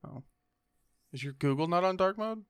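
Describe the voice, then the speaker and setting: A man's voice: high-pitched, expressive, moderate pace, smooth, no echo. A man co-hosting a podcast in casual chat, laid-back and joking, often trailing off mid-thought. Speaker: podcast co-host.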